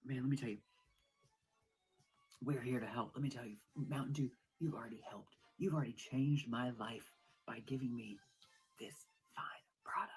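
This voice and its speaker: A woman performing a comedic monologue at home, over-the-top excited and swinging between hushed whispers and loud exclamations. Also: a bass voice, normal speed, breathy edge, faint music behind, low-quality recording.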